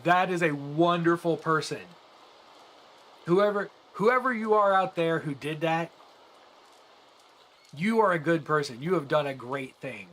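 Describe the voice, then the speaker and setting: A man's voice: a little high, unhurried, pauses often, fairly bright tone. A man streaming a game and chatting earnestly with his viewers, rambling with frequent restarts. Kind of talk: casual chat with live viewers while gaming.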